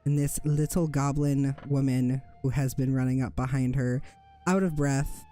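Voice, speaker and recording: A game master narrating a tabletop fantasy game in a descriptive way, pausing to correct themselves now and then. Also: mid-range voice, fairly even intonation, dark tone, faint music behind. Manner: slow, descriptive, with small self-corrections.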